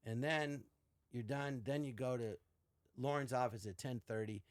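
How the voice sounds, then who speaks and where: Older man, podcast guest, casual storytelling, animated quotes, mid pitch, dry close sound. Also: normal speed, no echo. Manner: animated, acts out quotes in varied voices.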